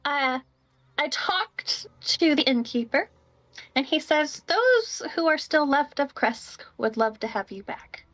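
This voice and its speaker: A woman playing a tabletop game, speaking in halting bursts and repeating words. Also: sits high, expressive, a bit bright. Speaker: player. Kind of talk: tabletop role-play.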